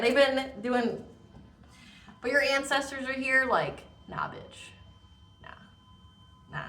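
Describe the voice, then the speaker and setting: A woman's voice: fairly high pitch, pushed and bright, distant mic. Emphatic, rambling woman tarot reader. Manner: rambling, emphatic, repeats words, many fillers. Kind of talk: casual spiritual tarot reading. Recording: echoey room, voice off-mic.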